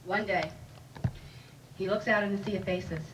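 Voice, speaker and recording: A woman's voice: mid-range voice, fairly even intonation, moderate pace. A woman telling a joke on stage in a chatty, self-deprecating way. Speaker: stand-up comedian. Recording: distant mic, faint noise.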